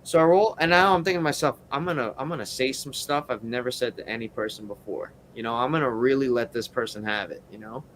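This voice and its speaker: A man of ordinary pitch tells a story in a loose, rambling way, leaning on "you know" and restarting his sentences. A faint hiss sits behind his voice. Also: quick pace, hardly any pauses, fairly bright tone. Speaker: wrestler guest. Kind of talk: casual interview storytelling.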